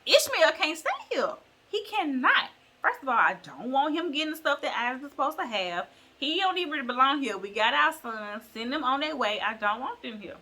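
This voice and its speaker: A woman's voice: fairly high pitch, normal speed, few pauses, bright, forceful tone, slight background noise. A woman voicing a bossy adult wife who insists and repeats her demands. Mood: insistent.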